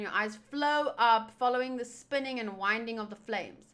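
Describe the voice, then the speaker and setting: Chatty woman with a bright voice. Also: on the high side. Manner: rambling, chatty, many fillers. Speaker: YouTuber reading a comic aloud. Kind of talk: casual readthrough commentary.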